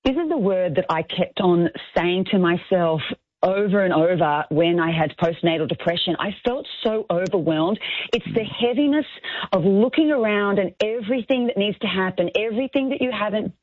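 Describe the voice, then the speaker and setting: A woman's voice: mid-range voice, normal speed, no echo. A woman from Australia, an author being interviewed on the radio, talking in an earnest, encouraging way in short phrases. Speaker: author guest. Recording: phone line.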